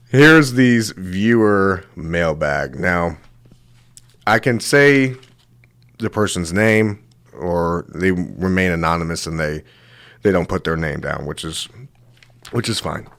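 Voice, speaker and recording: A young man hosts his own comedy show, spinning rambling tales. His voice sits low, and he swears freely and laughs along with himself. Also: lively intonation, slow pace, long pauses, a bit bright, no room sound. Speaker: show host. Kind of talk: comedic storytelling monologue.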